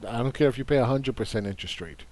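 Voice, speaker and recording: A man talks through a market overview with a combative, dismissive edge. His voice sits at an ordinary middle pitch. He leans on repeated words to drive his points home. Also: rapid-fire, darkish tone. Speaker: investing commentator. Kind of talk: casual market commentary.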